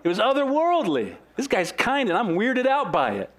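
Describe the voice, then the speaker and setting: A young man preaching a sermon in an earnest, animated way, with sudden swings in pitch and pace. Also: normal speed. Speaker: pastor.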